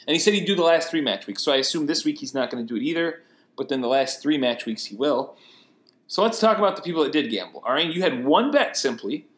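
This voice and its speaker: A man co-hosting a laid-back sports podcast. His voice sits a touch high, and he talks in loose, chatty runs. He laughs often and rattles off names and numbers. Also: sing-song, quick pace, fairly bright tone. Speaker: podcast co-host. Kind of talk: casual sports podcast chat.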